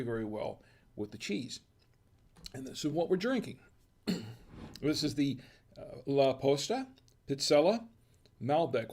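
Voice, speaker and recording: A man hosting a home wine and cheese tasting, talking casually and thinking aloud with restarts and quiet asides. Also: medium pitch. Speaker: host of a wine tasting show.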